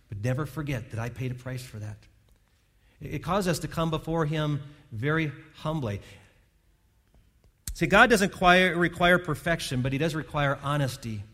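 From a church stage, a man gives an earnest, conversational sermon as pastor, frequently restarting phrases. His fairly high voice has a slightly bright tone, and the recording carries long hall reverb.

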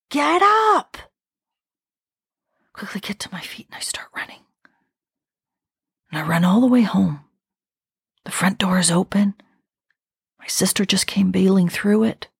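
A woman in her fifties hosting a podcast, telling a personal story in a slow, reflective and intimate way. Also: mid-range voice, gravelly, a little mellow, husky, no room sound, clean studio sound. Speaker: podcast host.

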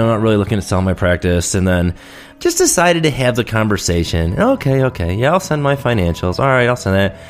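Enthusiastic male podcast host. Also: mid-range voice. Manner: enthusiastic, animated storytelling with voiced quotes. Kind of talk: casual solo podcast monologue.

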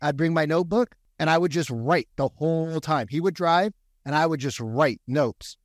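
A man talking in casual podcast chat, an animated, profane storyteller. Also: on the high side, normal speed, no echo, clean studio sound. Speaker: real estate agent, podcast guest.

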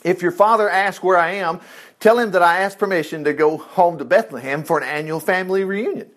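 A man's voice: high voice, a little fast, fairly bright tone. A man reading aloud the lines of David, a desperate, hunted young man, in an urgent, pleading way.

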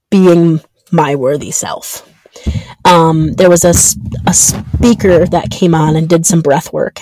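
A woman in her thirties hosting her own podcast, talking earnestly and haltingly with many ums and restarts. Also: sits low, a little mellow, no room sound. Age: 30s. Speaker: podcast host. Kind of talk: reflective solo podcast monologue.

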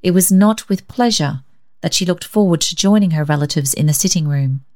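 A woman narrating a children's story in a measured, gentle reading. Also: on the low side. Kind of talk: scripted narration.

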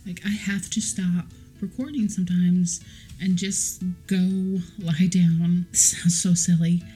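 A woman chatting on her solo podcast in a slow, unhurried drawl. Her voice is very dark and mellow and strongly breathy, and it stays fairly low and even. She rambles affectionately and stops to correct her own words. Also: soft background music. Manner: rambling, affectionate, corrects herself mid-sentence. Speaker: podcast host. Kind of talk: casual solo podcast chat.

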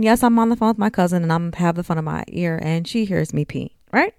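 A woman's voice: on the low side, a little fast, hardly any pauses, a little mellow, smooth, no room sound, clean studio sound. A woman in her forties hosting a podcast, talking frankly and emotionally straight to her listeners. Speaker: podcast host. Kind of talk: candid personal talk.

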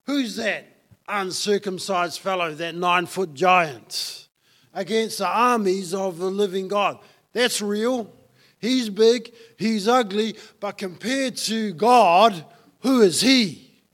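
Slow, high-voiced preacher. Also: male voice, a bit bright. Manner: emphatic, repeats key lines for effect. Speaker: pastor. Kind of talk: sermon.

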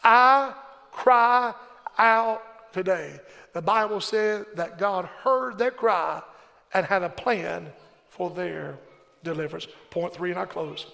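High-voiced impassioned male preacher, reverberant hall. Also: a little slow, creaky, a bit bright. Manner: impassioned, rhythmic call-and-response preaching. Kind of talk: sermon.

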